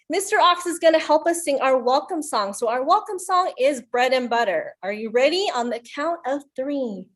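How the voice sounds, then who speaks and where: A woman's voice: high voice, expressive, moderate pace, few pauses. A young woman, a youth librarian, hosting a virtual children's story time in an upbeat manner, speaking to young kids over a computer mic.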